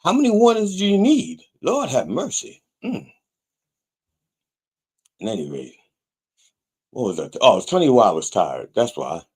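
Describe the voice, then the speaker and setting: A man hosting a comic sermon show, rambling with wry, deadpan asides. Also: mid-range voice, measured pace, pauses often, slightly rough. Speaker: pastor and show host.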